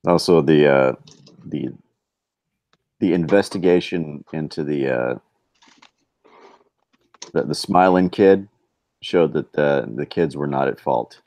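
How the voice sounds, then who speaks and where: A co-host with an extremely low, rumbling voice talks casually and keeps restarting his sentences. The sound is dry and close, with no room in it. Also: a little mellow, no room sound. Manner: halting, many restarts. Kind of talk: casual chat.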